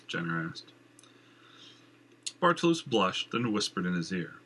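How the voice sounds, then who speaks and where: A man's voice: low-pitched, big pitch swings, unhurried, pauses often, sharp tone, breathy edge. A man reading a story aloud, narrating in a dry storytelling way with asides. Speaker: audiobook narrator. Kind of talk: scripted narration.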